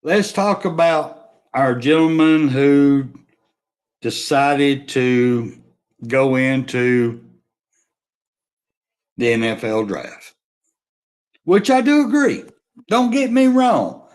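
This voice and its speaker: A man giving a blunt, rambling sports opinion rant, swearing as he goes. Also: medium pitch. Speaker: sports commentary vlogger.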